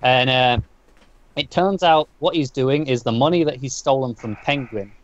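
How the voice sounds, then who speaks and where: A man's voice: mid-range voice, normal speed. A man co-hosting a podcast, casually recapping a comic book in a rambling way, full of restarts and fillers. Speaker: podcast co-host. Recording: dull lo-fi dry sound.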